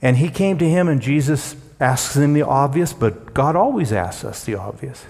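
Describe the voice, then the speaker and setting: A man's voice: a little high, lively intonation, normal speed, hardly any pauses, darkish tone, husky, big-room sound. A man preaching a sermon with an emphatic delivery that swells dramatically and drops to near-whispers.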